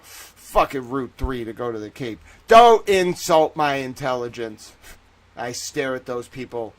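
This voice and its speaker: This livestream host from Boston, Massachusetts, speaks with a Boston accent as he rants and cracks jokes, cursing heavily and laughing a lot. He's animated and addresses chat viewers by name, in a mid-range voice at a slightly slow pace.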